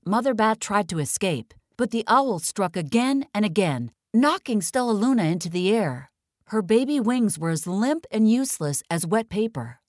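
A woman narrates a children's picture book with a lively, swooping pitch. She reads expressively and lingers on the dramatic moments. The recording is dry and close, with no room sound. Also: dry recording.

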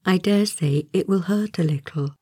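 A woman's voice: lowish voice, normal speed, warm tone, slightly rough, no room sound, clean studio sound. A woman voicing a polite, proper little girl who talks in a courteous, slightly patronizing way in a storybook reading. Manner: courteous, prim storybook delivery.

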